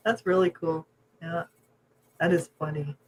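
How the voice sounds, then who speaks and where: A woman co-hosting a casual podcast chat who talks in a chatty way, laughs often and lets her sentences trail off softly. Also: low-pitched, fairly even intonation, a little slow, husky, poor audio. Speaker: podcast co-host.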